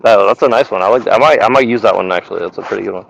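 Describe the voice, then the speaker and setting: A man's voice: lowish voice, rapid-fire, creaky, lo-fi sound. A man co-hosting a casual podcast, rambling and joking, and reading short lines of his own verse aloud. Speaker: podcast co-host.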